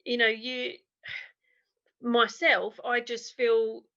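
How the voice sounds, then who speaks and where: A woman's voice: fairly high pitch, little pitch movement, drawn-out words, gravelly, fairly bright tone. A woman, chatting candidly and self-deprecatingly as an interview guest over a video call. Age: 50s. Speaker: interview guest, diet consultant. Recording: dull lo-fi video call audio.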